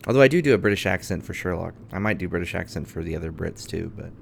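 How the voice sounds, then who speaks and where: A man's voice: low-pitched, expressive, fast talker, vocal fry, slight background noise. A man streaming a game, chatting casually and easygoingly with viewers. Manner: easygoing, chatty, hums to himself. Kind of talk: casual gameplay chat. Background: music.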